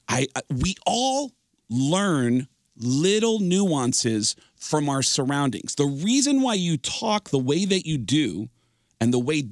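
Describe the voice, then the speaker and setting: A man, a comedian guest on a radio show, chatting in a lively storytelling manner. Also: mid-range voice, dry recording, studio quality. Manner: animated storyteller slipping into impressions.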